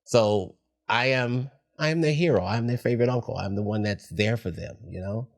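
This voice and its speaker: A man's voice: mid-range voice, normal speed. A middle-aged man, a podcast guest, talking candidly in a reflective, heartfelt way. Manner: reflective, heartfelt, soft-spoken at times.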